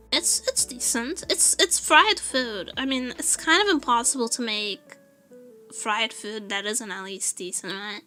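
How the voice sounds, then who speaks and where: A Portuguese woman streaming a casual chat, telling an animated story with frequent laughter and swearing. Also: sits high. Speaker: VTuber streamer.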